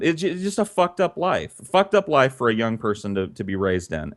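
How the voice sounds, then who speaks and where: A man's voice: lowish voice, a bit bright. A man telling a childhood story in a casual, conversational way, swearing freely and animating the tale.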